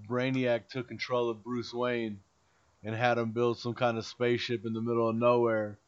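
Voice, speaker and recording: A man co-hosting a podcast in casual chat, animated and slangy with lots of "like" fillers. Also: mid-range voice. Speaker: podcast co-host. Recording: dull lo-fi sound.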